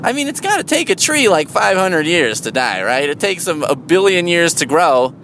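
A man in a casual, rambling monologue, sardonic and full of swearing, jumping into a high, loud voice for emphasis. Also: big pitch swings, moderate pace, slight background noise.

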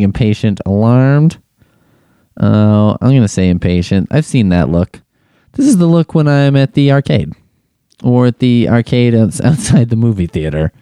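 A man hosts a comedic solo podcast, full of crude, sarcastic asides. His voice sits low and mellow, swinging widely in pitch, recorded dry and close. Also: clear, resonant tone, dry recording. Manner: crude, sarcastic, exasperated running commentary. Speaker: podcast host.

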